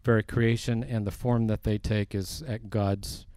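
Guy preaching through a bible passage, takes his time, mellow voice, gets louder on the quotes. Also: on the low side, flat delivery, dry recording. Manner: slow, deliberate, rising for emphasis on quoted scripture. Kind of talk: verse-by-verse Bible teaching.

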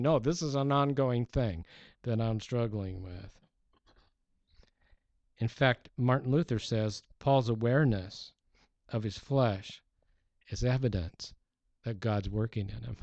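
A man's voice: mid-range voice, a little mellow, no echo. Guy preaching, earnest teaching tone, dull lo-fi sound. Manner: earnest teaching, frequent restarts and emphatic rises. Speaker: pastor. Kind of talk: sermon.

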